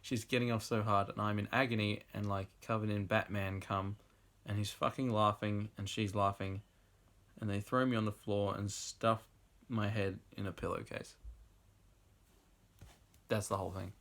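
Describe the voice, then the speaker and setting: A low-pitched young man gives a comic reading of trashy fiction. He laughs his way through the lines and drops into relaxed, offhand remarks between excerpts. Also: moderate pace, pauses often. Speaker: host reading fan fiction aloud. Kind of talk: comic dramatic reading with asides.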